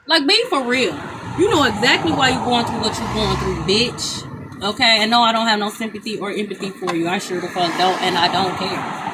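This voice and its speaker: A woman's voice: medium pitch, a little fast, heavy background noise. A woman giving a live tarot reading outdoors on a street, talking bluntly and profanely and repeating herself often. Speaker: tarot reader. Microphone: phone livestream.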